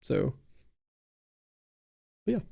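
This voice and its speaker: A man's voice: very slow, mellow, no echo, studio quality. A young man hosting a livestream camera Q&A, chatting casually and rambling with lots of ums and restarts. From Ireland and Britain. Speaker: camera channel host. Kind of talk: livestream Q&A, reading chat. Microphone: studio dynamic mic.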